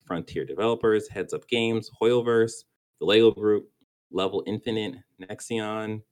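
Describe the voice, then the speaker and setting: A man's voice: on the low side, unhurried. A man co-hosting a casual gaming podcast, rambling and stumbling over words, often restarting and laughing. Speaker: podcast co-host.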